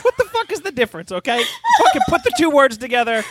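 A man's voice: extremely high pitch, big pitch swings, fast talker, heavy background noise. A man co-hosting a comedy podcast, telling a crude rambling story with lots of swearing and exasperation. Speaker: podcast co-host. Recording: loud free jazz music behind.

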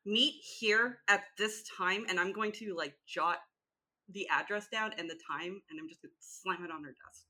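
A woman's voice: medium pitch, moderate pace. A woman playing in a tabletop game, chatting casually and often breaking into giggles. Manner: giggly, lively. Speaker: player.

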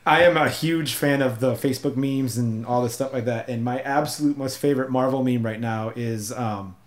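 A man's voice: medium pitch, normal speed. A man hosting a casual interview podcast, laughing often as he talks. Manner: giggly, laughs often mid-sentence. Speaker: podcast host. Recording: roomy echo.

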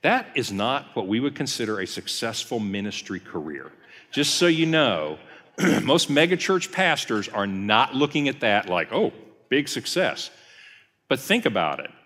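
At normal speed, a man with a bright, forceful mid-range voice and big pitch swings preaches in a long, reverberant hall. He is a pastor leading a Bible study with a conversational teaching sermon, recounting the story and voicing the quoted lines.

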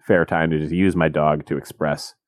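A man recapping a movie in casual comedic chat, deadpan and jokey, slipping into silly voices. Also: a bass voice, moderate pace, dry recording, clean studio sound. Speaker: podcast co-host.

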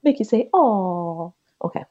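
A woman, co-hosting a podcast and telling a personal story in a chatty, animated way. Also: medium pitch, unhurried, muffled recording, crowd noise. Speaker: podcast co-host. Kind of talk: casual chat, storytelling.

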